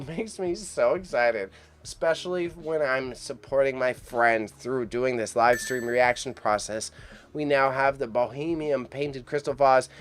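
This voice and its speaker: A man with a stuffy, congested nose hosts a live stream. He rambles casually, laughs often and stumbles over names. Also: medium pitch. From Canada. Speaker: live stream host reacting to an auction.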